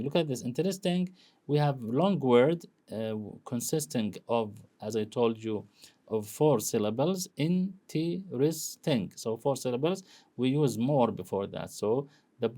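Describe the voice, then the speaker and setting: A man giving a university grammar lecture in English, halting with many fillers and self-corrections. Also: lowish voice, dark tone.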